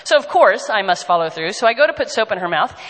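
A woman in her forties telling an animated family story to a congregation, laughing now and then. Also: medium pitch, quick pace, long reverb tail, poor audio. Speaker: pastor's wife sharing a story.

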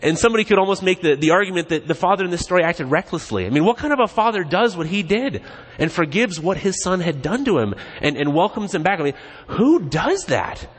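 A man's voice: high-pitched, fairly quick, husky. Man preaching in a reverberant church. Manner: casual, joking, animated. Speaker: pastor. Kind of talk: conversational sermon. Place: church sanctuary. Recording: long reverb in a church hall.

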